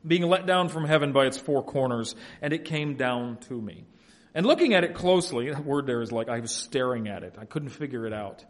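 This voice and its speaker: A man preaching an expository sermon, shifting between quiet, folksy asides and loud, emphatic passages. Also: fairly high pitch, animated, moderate pace. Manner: folksy family anecdotes, laughs at own stories. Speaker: pastor.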